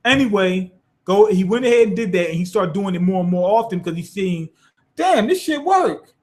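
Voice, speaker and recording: A man with a notably high voice talks through an anime episode in an off-the-cuff review. His speech is loose and profane. He keeps showing what he means as he explains it. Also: steady tone, fairly quick, darkish tone. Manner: loose and profane, demonstrating with gestures. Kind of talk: casual spoken episode review.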